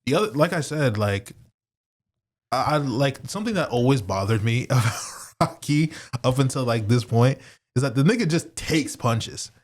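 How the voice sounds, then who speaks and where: A man's voice: medium pitch, animated, moderate pace. Rambling young man on a podcast. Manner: rambling, lots of fillers, laughs often. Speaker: podcast co-host. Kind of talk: casual chat.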